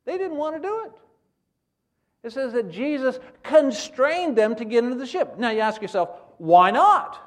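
Man, preacher, high voice, animated sermon delivery. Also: moderate pace. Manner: animated, acts out scenes in character voices.

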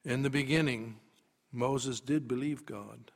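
A man preaching a sermon, dramatic, dropping to a hush and then rising to loud emphasis. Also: medium pitch, a little slow, creaky.

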